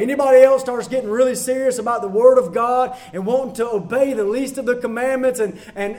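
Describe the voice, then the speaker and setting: A man with a strikingly high voice delivers a sermon. He preaches emphatically, hammering key phrases again and again and tossing rhetorical questions at his listeners. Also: a little mellow.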